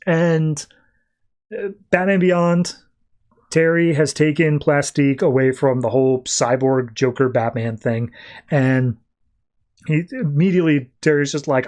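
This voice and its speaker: A man's voice: on the high side, unhurried, a little mellow. Chatty male podcaster recapping comics. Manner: chatty, acts out quotes with "he's like". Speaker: podcast host.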